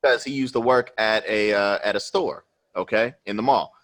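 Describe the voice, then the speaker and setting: A man's voice: fairly low pitch, steady tone, moderate pace, fairly bright tone. A man in his thirties, a podcast host, telling a personal story in loose, profane chat and tagging his lines with "you know what I'm saying".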